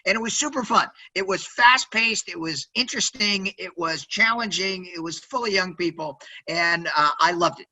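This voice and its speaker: A man in his sixties, a podcast guest telling stories in a loud, high-energy, quirky way, often tagging sentences with "right?". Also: normal speed, few pauses, rough recording. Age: 60s. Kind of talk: energetic interview storytelling.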